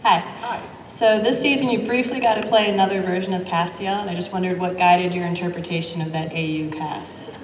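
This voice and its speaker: A woman's voice: lowish voice, fairly even intonation, a little fast. A woman fan asking an actor a question at a convention, polite and a little shy. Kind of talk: audience question at a panel. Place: large convention hall. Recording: echoey hall with crowd noise, distant mic.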